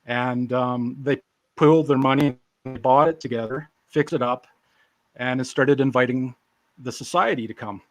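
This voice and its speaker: A man's voice: mid-range voice, normal speed, no echo. A man in his forties tells his life story as an interview guest. He talks casually, with a self-deprecating, joking edge. The sound is dry and close, with no room around it. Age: 40s.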